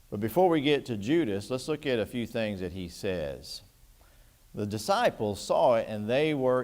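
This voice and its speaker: A man's voice: lowish voice, darkish tone. A man teaching a church Bible class, talking through scripture in a conversational way and putting questions to the class.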